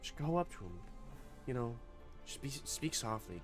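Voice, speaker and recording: A man's voice: mid-range voice, normal speed, soft background music. A man streaming a video game, reading the story narration aloud and reacting with sarcastic jokes and frequent laughter. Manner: animated, joking, sarcastic, laughs often. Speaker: VTuber streamer. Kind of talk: let's-play commentary and reading narration aloud.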